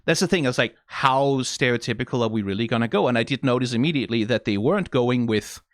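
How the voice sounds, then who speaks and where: A man's voice: medium pitch, quick pace, no echo, studio quality. A young Danish man with a Danish accent, casually musing and rambling through a reaction video. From Denmark. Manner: musing, rambling, many restarts and laughs.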